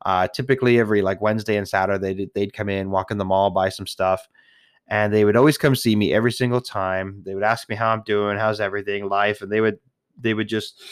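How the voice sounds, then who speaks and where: Speaking with a lowish voice, this man, a retail worker, rambles casually to his listeners, cursing heavily, never pausing, and frequently starting his sentences over. There's no room sound, just clean studio audio.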